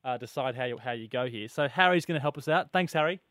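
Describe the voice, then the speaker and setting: An Australian man co-hosting a radio show, teasing his partner and laughing often in quick banter. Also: mid-range voice, lively intonation, a bit bright, no room sound, studio quality. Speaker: radio co-host. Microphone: studio microphone.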